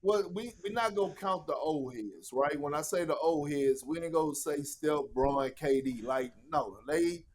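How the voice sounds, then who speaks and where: Animated, profane man telling stories. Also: a little high, moderate pace, hardly any pauses. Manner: animated, profane, acts out quotes. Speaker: podcast guest. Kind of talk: casual storytelling.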